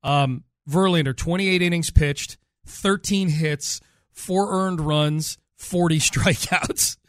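Man, sports talk host, casual chat, deliberate stat reading, fairly high pitch, dry close sound. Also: a bit bright, dry recording. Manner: reads stats slowly and deliberately, chatty.

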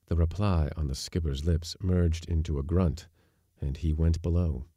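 A man reading a short story aloud as a podcast narrator, with measured, even storytelling. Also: a bass voice, no echo, clean studio sound. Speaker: audiobook narrator. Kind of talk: scripted narration.

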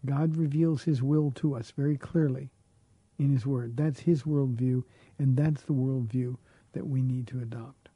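A man's voice: mid-range voice, fairly even intonation, a little slow, warm tone, husky, dry recording. A middle-aged man, a pastor answering listeners' questions on a call-in radio show, earnest and often repeating words as he searches for the phrasing.

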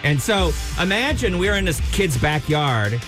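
A man co-hosting a morning radio show, telling a rambling childhood story in casual banter and jumping into high-pitched outbursts. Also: very animated, unhurried, over music.

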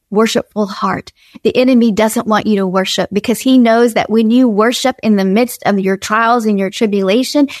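A woman's voice: mid-range voice, no echo, clean studio sound. A woman preaching an earnest devotional sermon, repeating phrases and acting out inner dialogue as she exhorts her listeners.

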